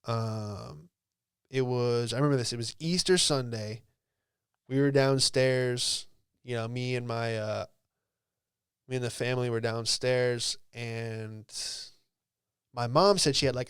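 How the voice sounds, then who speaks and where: Smooth laid-back young man, dry close mic. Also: mid-range voice, fairly even intonation, measured pace, dry recording. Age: late 20s. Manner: laid-back, swears freely, peppered with "dude" and "like". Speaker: podcast host. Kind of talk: casual storytelling.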